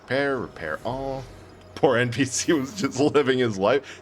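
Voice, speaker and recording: A man's voice: mid-range voice, a little slow. A man chatting casually and joking to his viewers while he plays a video game on a live stream, laughing often. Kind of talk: casual live gameplay commentary.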